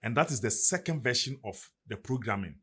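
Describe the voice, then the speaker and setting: A middle-aged man with a Ghanaian English accent talks on a podcast with emphatic, preacher-like force. His voice is husky and slightly breathy. His pitch swings widely as he builds each point. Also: lively intonation, a little fast, pushed and bright. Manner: preacherly, emphatic, rising and falling delivery. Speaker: podcast guest. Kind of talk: motivational podcast talk.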